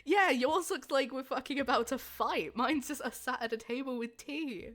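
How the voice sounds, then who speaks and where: A woman's voice: high voice, normal speed, a bit bright. A young woman streamer in casual chat, giggly and full of "like" fillers. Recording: faint music in background.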